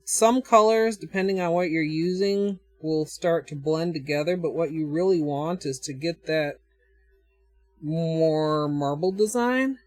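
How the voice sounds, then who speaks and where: A woman with a Minnesotan accent talks through a nail art livestream at an unhurried pace, thinking aloud and answering her chat. The sound is close and dry, with faint music playing underneath. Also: sits low, darkish tone, dry recording. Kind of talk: casual livestream chat while demonstrating.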